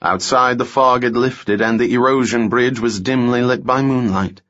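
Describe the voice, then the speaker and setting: Man, audiobook narrator, steady measured reading, middling pitch, dull lo-fi recording. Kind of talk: scripted narration.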